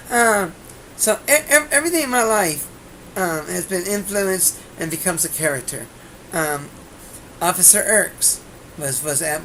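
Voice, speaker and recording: A woman's voice: low-pitched, a bit bright, a little hiss or hum. A woman hosting her own comedy talk show, rambling through a monologue with brash jokes and many restarts. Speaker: host and comedian.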